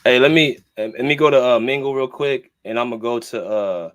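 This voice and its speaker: A man's voice: medium pitch, a little fast, fairly bright tone, dry recording, clean studio sound. A man hosts a loose call-in podcast, ribbing the guests and deciding who talks next. His voice sits in a middle range. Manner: teasing, hands out turns to speakers. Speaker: podcast host.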